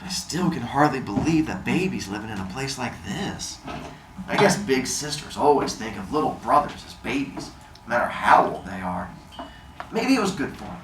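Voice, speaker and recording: A man's voice: medium pitch, very animated, moderate pace, close to an everyday voice. A man voicing a young woman, an earnest and worried big sister, as he reads a story aloud. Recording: roomy room with faint noise.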